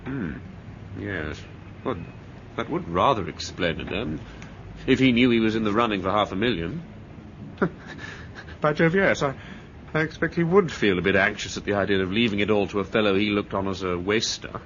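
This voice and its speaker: An actor playing a bitter, touchy English ex-soldier with an edgy, resentful manner, in an old radio drama. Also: male voice, fairly low pitch, lively intonation, fairly bright tone, slight background noise. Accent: upper-class English. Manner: edgy, resentful, quick to flare up. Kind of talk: 1930s-style radio drama acting. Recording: dull old radio recording.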